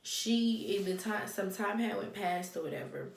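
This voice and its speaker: A woman's voice: medium pitch, moderate pace, gravelly. A young woman vlogger telling a personal story in casual, slangy speech, swearing freely and quoting the people in it. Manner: animated, swearing, loose slangy talk. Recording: echoey room, faint noise.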